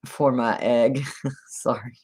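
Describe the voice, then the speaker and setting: A woman co-hosting a casual book chat, retelling scenes with many pauses, fillers and laughs. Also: very deep voice, steady tone, warm tone, husky. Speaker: podcast co-host.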